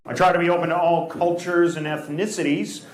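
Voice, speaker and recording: A man's voice: fairly high pitch, flat delivery, a little fast, over loud music. A man doing stand-up comedy and crowd work on a club stage, brash and teasing. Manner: brash, teasing, shifts into mock voices for bits. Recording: echoey club with loud crowd noise.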